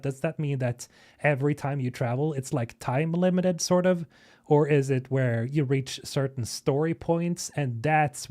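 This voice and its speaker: A man hosting a live stream, reacting casually and excitedly to a game video, thinking aloud and swearing. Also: mid-range voice. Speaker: streamer host.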